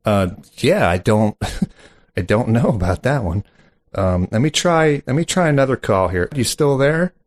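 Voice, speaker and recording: A man's voice: mid-range voice, expressive, unhurried. A man hosting a mock call-in comedy show, flustered and incredulous, stammering as he fields callers. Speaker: host of a comedy podcast.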